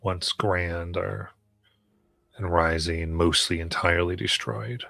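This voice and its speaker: Game master narrator: a man, low and steady, keeping an even tone. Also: vocal fry, no echo. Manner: measured, descriptive scene-setting.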